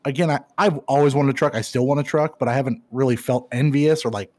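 A man's voice: mid-range voice, steady tone, quick pace, a little mellow, no room sound, clean studio sound. A man co-hosting a podcast, rambling and swearing through casual chat and laughing often. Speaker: podcast co-host.

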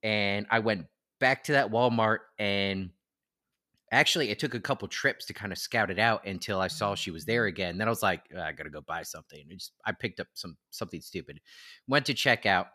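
A man co-hosting a podcast, casually telling animated stories and swearing freely. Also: on the low side, fairly quick, no echo, studio quality. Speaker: podcast co-host. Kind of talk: casual chat.

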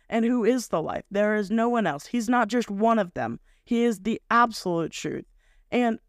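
The high-pitched voice of a young male podcast host comes through clean studio sound without echo. He's doing casual devotional talk on his faith podcast, earnestly rambling and stopping often to correct himself.

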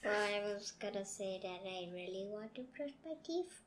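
A young woman co-hosting a casual podcast, hesitant and halting, often restarting her sentences. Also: mid-range voice, expressive, roomy sound, a little hiss or hum. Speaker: podcast co-host. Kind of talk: casual chat.

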